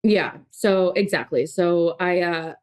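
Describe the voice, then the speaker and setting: A woman's voice: on the low side, takes it slowly, a little mellow, clear, resonant tone. A woman in her thirties co-hosting a podcast, talking in an emotional, rambling way with many restarts. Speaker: podcast co-host. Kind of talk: casual podcast chat.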